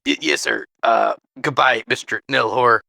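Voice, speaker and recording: A man's voice: mid-range voice, unhurried, creaky, pushed and bright, no echo. A man playing in a tabletop game, talking hesitantly with a lot of uhs. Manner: hesitant, full of fillers. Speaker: player. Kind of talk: casual tabletop role-play.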